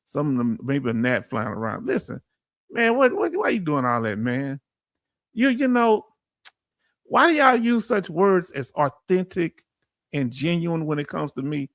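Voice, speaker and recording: A middle-aged man from Texas with a Southern accent, hosting a casual veterans' livestream and answering his chat in a folksy, animated way. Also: a little high, measured pace, gravelly, dry recording, clean studio sound.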